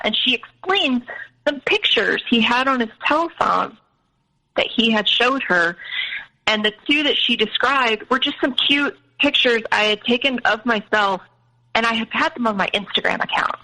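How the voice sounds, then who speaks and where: A woman's voice: on the high side, measured pace, bright, forceful tone, rough recording. A woman guest in an interview, candidly retelling a personal story in a conversational way.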